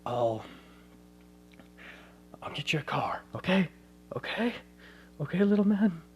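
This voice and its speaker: A man voicing a flustered young father who pleads with his baby in a hushed, anxious voice. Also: fairly high pitch, big pitch swings, takes it slowly, muffled recording, slight background noise, voice pushed up. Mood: anxious pleading. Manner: hushed, anxious bargaining, sometimes whispered.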